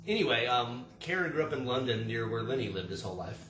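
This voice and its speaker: A man's voice: mid-range voice, animated, fast talker, fairly bright tone, echoey room, poor audio. A man who manages a tasting room, chatting casually and telling joking stories on a livestream. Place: home room. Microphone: video stream mic.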